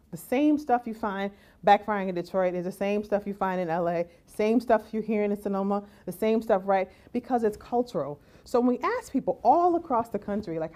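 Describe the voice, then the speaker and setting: A woman giving a lively conference talk as keynote speaker, often asking "right?" and acting out the voices she quotes. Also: medium pitch. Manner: animated, acts out quoted voices, rhetorical "right?".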